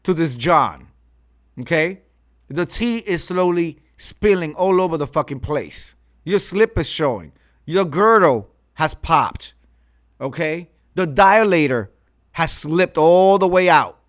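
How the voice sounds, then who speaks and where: A man's voice: on the high side, expressive, slow. Crude, sarcastic man doing commentary. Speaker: commentary host. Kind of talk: reaction commentary.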